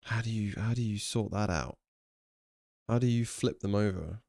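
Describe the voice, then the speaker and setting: A man's voice: on the low side, moderate pace, vocal fry, darkish tone, no room sound, clean studio sound. A young English man streaming live, chatting casually with viewers, thinking aloud and swearing now and then. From England.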